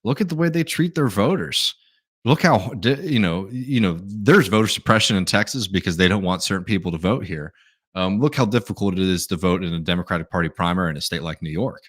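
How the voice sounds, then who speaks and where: Man, deep voice, live stream host, relaxed talk, lots of ums. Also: fairly quick, slightly rough. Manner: relaxed, thinks aloud with many fillers. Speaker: livestream host answering viewer messages. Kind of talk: casual live Q&A commentary.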